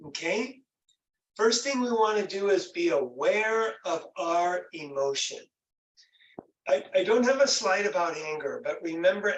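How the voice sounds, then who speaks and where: Male workshop presenter, slightly high voice, gentle and encouraging, echoey room, set back from the mic. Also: recorded from a distance. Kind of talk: online workshop teaching.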